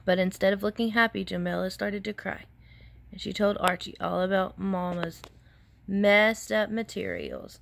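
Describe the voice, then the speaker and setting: A woman's voice: medium pitch, steady tone, unhurried, vocal fry. A woman teacher reading a picture book aloud to children and asking them questions between pages.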